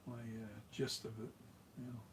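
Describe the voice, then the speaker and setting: Over a noisy background, a mask maker from South Jersey talks at normal speed in a monotone, medium-pitched voice. The middle-aged man rambles through casual workshop chat, muttering to himself and starting over.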